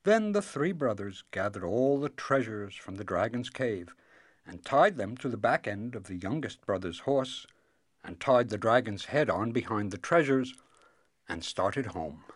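Slow, expressive male storyteller. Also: on the low side, dry recording, studio quality. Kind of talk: storybook read-aloud.

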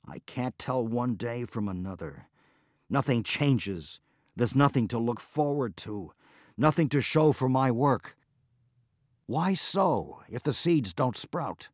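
A man's voice: medium pitch, lively intonation, slow, a little mellow, dry recording, clean studio sound. A man voicing a distressed aging farmer who groans and cries out in rising outbursts. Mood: despairing.

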